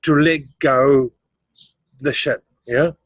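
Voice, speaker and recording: A middle-aged man appears as a guest in a casual interview, animatedly recounting his life story, acting out other people's voices and laughing often. His voice is mid-range and steady, his pace slow, and the recording dry.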